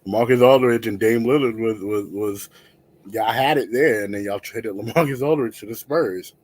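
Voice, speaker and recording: A man's voice: fairly low pitch, moderate pace, darkish tone, no echo. A man co-hosting a sports talk show, teasing the others with jokes. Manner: teasing, joking. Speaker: podcast co-host. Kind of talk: casual sports chat.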